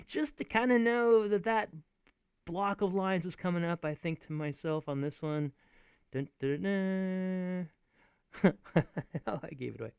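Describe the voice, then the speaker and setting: A man teaching in a chatty, animated way, often laughing as he explains. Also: on the high side, gravelly, clean tone, dry recording. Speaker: acting teacher. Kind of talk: video lesson.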